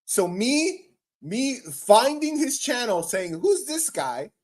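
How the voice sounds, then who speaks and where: A man hosting a livestream speaks slowly in an extremely high, sing-song, slightly mellow voice. His casual rant is profane and exasperated, broken up by frequent stammers.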